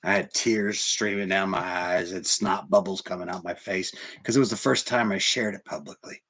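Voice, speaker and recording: A man with a husky, breathy voice preaches a sermon in a church. He drops to hushed, near-whispered lines and then rises to loud, emphatic ones. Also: low-pitched, fairly even intonation, normal speed. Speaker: pastor.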